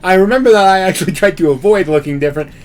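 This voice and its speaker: Brief: casual male player, fairly high pitch, joking tone. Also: very fast. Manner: joking, admits bad at accents. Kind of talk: casual chat at a tabletop game.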